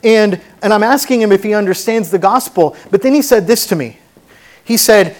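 A man's voice: high voice, moderate pace. A man preaching a sermon as pastor to a church congregation, fervent and conversational with asides. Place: church sanctuary.

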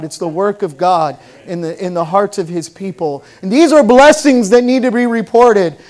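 A pastor preaching a sermon and telling stories, moving from hushed, low passages to loud, fervent ones. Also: male voice.

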